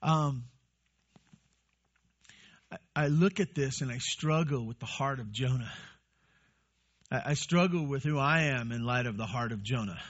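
A man's voice: mid-range voice, normal speed, dull audio. A male pastor giving a conversational sermon and putting questions to his congregation.

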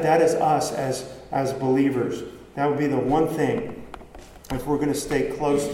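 A man's voice: mid-range voice, a little mellow, a little hiss or hum. A man preaching a sermon in a conversational way, asking his congregation rhetorical questions. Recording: echoey hall with long reverb, faint ambience.

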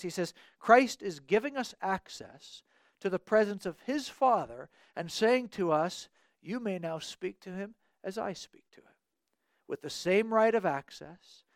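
A man's voice: high-pitched, dry recording, clean studio sound. A man preaching a sermon as pastor, earnest, repeating key phrases and asking the congregation rhetorical questions.

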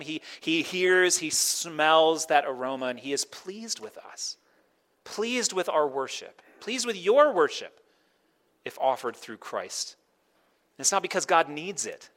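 A man's voice: a little high, fairly bright tone. A man preaching a sermon in a conversational way, often slipping into quoted voices to make his point. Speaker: pastor.

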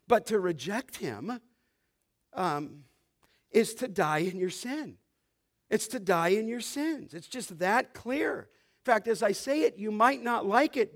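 A male pastor preaching an expository sermon, pressing his points hard and getting louder on scripture. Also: high-pitched. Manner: emphatic preaching, rising loud on scripture.

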